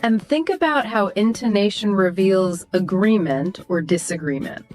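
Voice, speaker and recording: A woman's voice: expressive, normal speed, hardly any pauses, soft background music. Woman co-host demonstrating intonation patterns. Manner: explanatory, demonstrates example sentences with exaggerated pitch. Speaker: podcast co-host explaining intonation. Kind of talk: scripted educational podcast chat.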